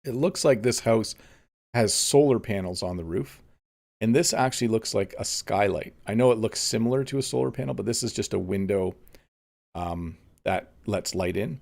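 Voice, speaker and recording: A man with a lowish, gravelly voice teaches English during a relaxed live stream. He thinks out loud and drifts between points. His talk is loose and unhurried, with plenty of ums. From Canada. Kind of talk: live-streamed casual lesson.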